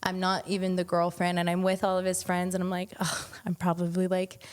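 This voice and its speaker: This young woman, a podcast guest, speaks fairly quickly in a monotone at a fairly low pitch. She tells a personal story in a casual, chatty way, dropping "like" often and swearing along the way.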